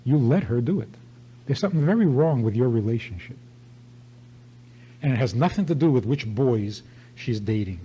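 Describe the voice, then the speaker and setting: A man's voice: mid-range voice, animated, moderate pace, pauses often, husky, lo-fi sound. An older man, a rabbi, giving an emphatic sermon-style talk and telling a story with repeated phrases.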